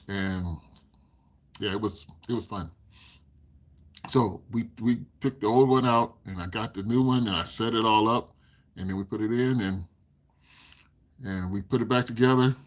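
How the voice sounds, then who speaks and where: An older man hosting a casual livestream, telling rambling stories and laughing often. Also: on the low side. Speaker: livestream host.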